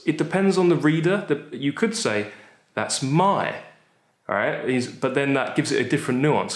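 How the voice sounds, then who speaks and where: A man teaching poetry in a chatty, enthusiastic way, asking and answering his own questions as he goes. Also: mid-range voice. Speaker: literature teacher. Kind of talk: explaining poetry to camera. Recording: roomy echo.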